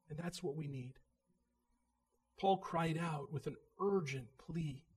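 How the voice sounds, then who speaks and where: Earnest male preacher, high voice, builds emphasis, restarts phrases. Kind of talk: sermon.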